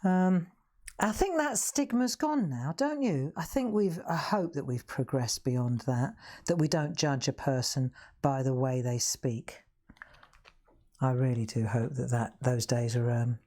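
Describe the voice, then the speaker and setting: A woman's voice: extremely low pitch, expressive, a little slow, darkish tone. A middle-aged woman with a Southern English accent, hosting a live craft demonstration in a chatty, self-mocking way and laughing often. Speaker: craft show host. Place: craft room.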